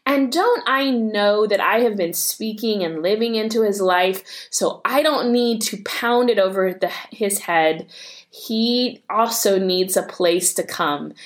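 A woman in her forties, a devotional host, sharing a candid, self-deprecating story about her son and praying aloud. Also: a little high. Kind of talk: personal devotional talk with prayer.

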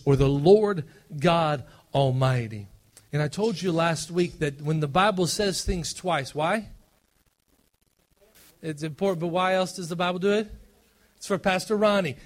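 A man preaching a sermon as pastor, conversational and self-deprecating, swinging between loud emphasis and hushed asides. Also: fairly high pitch.

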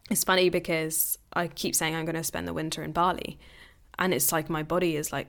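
A young woman talks through her personal news on her own podcast in a loose, candid monologue. Her voice sits a little low for a woman, and she breaks into small laughs as she goes. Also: fairly even intonation, quick pace, vocal fry. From England. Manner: candid and chatty, laughing often. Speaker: podcast host.

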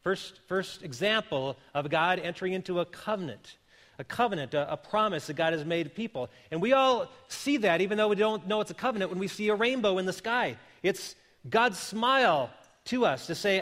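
A man in his fifties delivers a sermon with a fairly high voice, speaking earnestly and conversationally, often restarting his phrases. His words ring out with a long reverb in the church sanctuary. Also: animated, normal speed, a bit bright. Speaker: pastor.

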